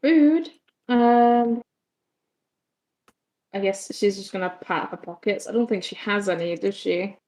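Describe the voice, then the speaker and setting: A woman's voice: mid-range voice, a little slow, pauses often, a little mellow. Woman at a tabletop game, chatty, talking through what her character does. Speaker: player. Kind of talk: casual tabletop game play.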